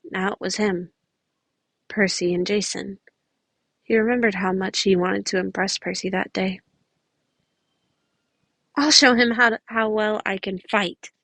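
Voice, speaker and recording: A woman's voice: medium pitch, creaky, no room sound, rough recording. A woman reading a fan story aloud, often stumbling and restarting phrases, with chatty asides to her listeners. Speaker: podfic reader.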